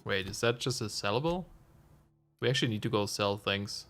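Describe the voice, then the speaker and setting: A man's voice: lowish voice, moderate pace, fairly bright tone, slight background noise. A man streaming a video game, giving casual commentary and thinking aloud with frequent chuckles. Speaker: let's play streamer.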